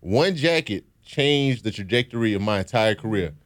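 A man's voice: lowish voice, lively intonation, moderate pace. A young man from Louisiana, a former football player, telling his story in a reflective, earnest way in an interview. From Baton Rouge, Louisiana. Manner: reflective, earnest, with frequent "you know"s.

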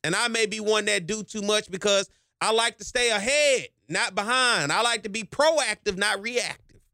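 A man hosts a talk radio show. His voice sits a little high and comes out bright and forceful, rising in passion the longer he talks. The studio sound is close and dry. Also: moderate pace, gravelly, dry recording. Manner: passionate, gets himself hyped up as he talks. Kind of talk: energetic talk radio monologue. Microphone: studio microphone.

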